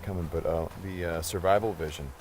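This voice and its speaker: Deep-voiced male interviewer. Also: fairly even intonation, a little fast, background noise. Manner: curious, asks questions. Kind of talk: interview chat.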